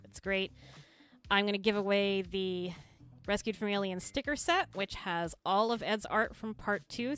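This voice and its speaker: A woman's voice: medium pitch, a bit bright. A woman hosting a casual livestream, talking chattily to her chat while she sets things up on screen. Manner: chatty, upbeat, thinks aloud while handling on-screen tasks. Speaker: streamer and creator hosting a cast livestream.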